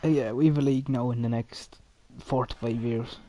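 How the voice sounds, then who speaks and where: A man's voice: medium pitch, steady tone, normal speed, mellow. A man chatting casually and laughing while reacting to clips. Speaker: co-host.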